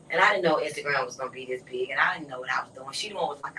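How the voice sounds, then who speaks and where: A woman talks softly in a relaxed conversation and often sinks to a near whisper. Her voice is bright. She sits some way from the mic, with faint noise behind her. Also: rumbling low, very fast, hardly any pauses, recorded from a distance, poor audio. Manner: soft-spoken, often drops to a near whisper. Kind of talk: casual conversation.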